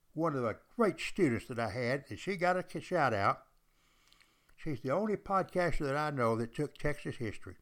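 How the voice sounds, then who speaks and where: A man's voice: medium pitch, fairly bright tone. An older man hosting a podcast, a former history teacher telling history in a folksy, emphatic way. He repeats himself and speaks straight to his listeners. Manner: emphatic, repetitive, addresses listeners directly.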